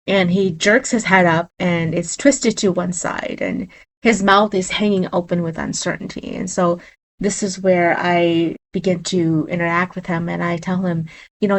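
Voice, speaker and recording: A woman shaman tells a personal spirit story with earnest, vivid detail. Her voice sits low for a woman. The pace stays steady and conversational.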